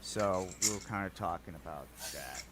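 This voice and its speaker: A man's voice: sits low, normal speed, fairly bright tone. A man joining a casual stream chat, chummy and boastful.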